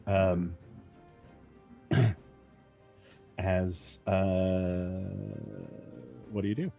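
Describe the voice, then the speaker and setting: A low-voiced man running a tabletop game at an unhurried, drawn-out pace, filling pauses with ums and uhs. Faint music plays behind him. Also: steady tone, dark tone. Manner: halting, many ums and uhs. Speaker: game master.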